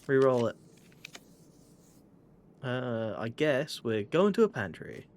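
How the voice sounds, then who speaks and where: Playful English man with a lively voice. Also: mid-range voice, slow. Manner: playful, wry, slips into put-on posh voices. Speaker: streamer. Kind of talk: casual gameplay commentary.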